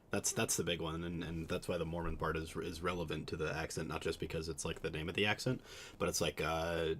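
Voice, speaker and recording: A man's voice: extremely low pitch, little pitch movement, a little fast, a bit bright, a little hiss or hum. A young man from Utah with a subtle Utah accent, chatting casually to his stream in a rambling, hesitant way with lots of fillers. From Utah, USA.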